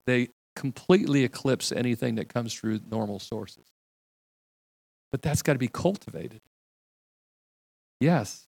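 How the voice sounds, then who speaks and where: Gravelly-voiced man preaching conversationally. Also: medium pitch, no echo. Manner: conversational storytelling, drops to a hushed voice for quoted dialogue. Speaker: pastor. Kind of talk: sermon.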